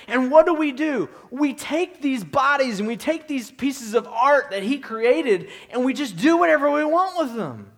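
Man, pastor, sermon, high voice, chatty, rhetorical questions. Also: fairly bright tone. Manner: conversational, repeats himself, many asides and rhetorical questions.

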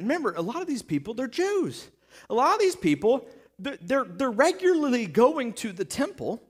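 Animated, high-voiced male preacher. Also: moderate pace. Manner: animated, jokey storytelling with acted asides. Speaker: pastor. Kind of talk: sermon.

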